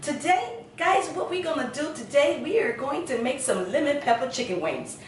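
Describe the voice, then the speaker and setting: A middle-aged woman with a Southern accent talks through a recipe in her home kitchen, high-voiced and lively, swooping up and down as she chats. She sounds homey and full of sayings. The voice is caught from a little off-mic in a roomy kitchen. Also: normal speed, recorded from a distance, a little hiss or hum. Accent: Southern American. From Southern United States. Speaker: cooking channel host. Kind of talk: casual home cooking video.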